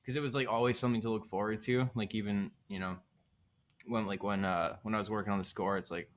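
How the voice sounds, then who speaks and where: Man, low voice, film composer, casual chat, rambling. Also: fairly even intonation, quick pace. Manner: rambling, filler-heavy.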